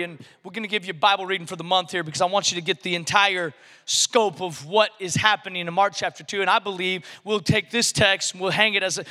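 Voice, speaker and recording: Male pastor, very high bright voice, lively preaching, church hall reverb. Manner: energetic preaching with rising shouts and playful asides. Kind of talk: sermon.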